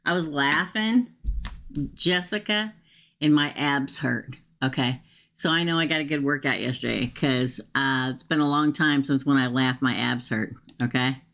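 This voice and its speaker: A tarot reader does a live-stream reading for her viewers, talking in a loose, chatty manner, muttering to herself as she pulls cards and calling out names from the queue. Her voice is very deep yet fairly bright in tone, and she speaks a little slowly.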